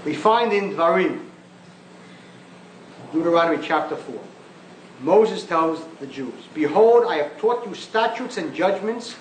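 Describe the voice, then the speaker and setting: Male rabbi, high lively voice, emphatic and scornful, lecturing in a roomy hall; old archival lecture recording. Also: a little hiss or hum. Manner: emphatic, mocking, rhetorical questions. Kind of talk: impassioned public lecture.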